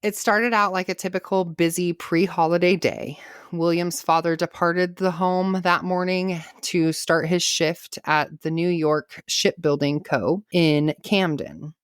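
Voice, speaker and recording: Podcast host, woman, low register, dry close recording; reads true crime with chatty asides. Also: steady tone, a little slow, clean tone, dry recording. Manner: reads case notes with casual asides and laughter.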